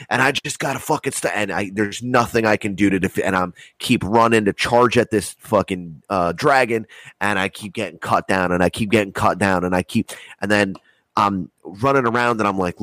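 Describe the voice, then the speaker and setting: A man's voice: lowish voice, normal speed, dry recording. A man telling a long story in casual chat, rambling and swearing a lot. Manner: rambling, heavy swearing, animated retelling.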